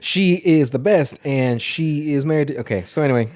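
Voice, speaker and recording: A man co-hosting a casual movie podcast, joking and swearing with quick interjections. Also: on the high side, darkish tone. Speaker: podcast co-host.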